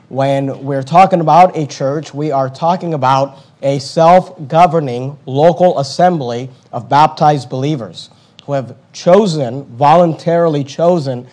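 High-voiced man preaching a sermon. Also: warm tone. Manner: emphatic, repeats key phrases for stress. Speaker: pastor. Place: church.

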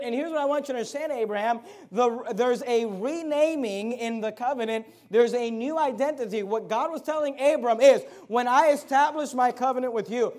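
A male preacher with a notably high voice delivers a sermon. He reads scripture and repeats phrases for emphasis. He slows right down on the words he wants to land. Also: darkish tone.

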